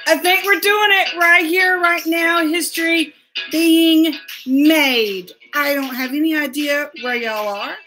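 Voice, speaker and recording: A woman hosting a live web show, greeting viewers by name in a bubbly, excitable way and laughing often. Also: high voice, slow pace, soft background music. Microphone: laptop mic.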